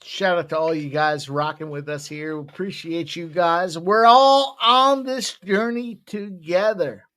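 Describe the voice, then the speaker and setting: A man's voice: sits high, measured pace, hardly any pauses, sharp tone, clean tone. A man hosting a live betting stream, joking loosely and swearing as he hypes the bets. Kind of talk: casual live-stream banter.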